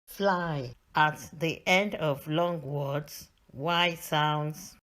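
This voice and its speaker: Slow, low-voiced British woman teaching reading. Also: fairly even intonation, fairly bright tone. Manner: slow, careful, sounds out each letter. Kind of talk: slow scripted lesson narration.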